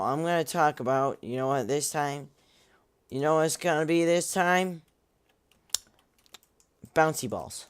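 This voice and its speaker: A man's voice: on the high side, clear, resonant tone. A young man rambling through casual gameplay commentary, goofy and self-mocking, with many restarts and asides. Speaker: gaming vlogger.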